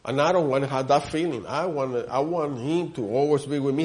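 Male preacher, mid-pitched, earnest, repeats phrases, checks in with listeners often. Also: fairly quick, a little mellow. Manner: earnest storytelling with many repeats and asides to the listeners. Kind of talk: sermon.

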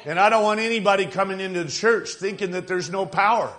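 A man's voice: high voice, fast talker, a bit bright. A male pastor giving an emphatic evening sermon, repeating phrases and asking his congregation "right?".

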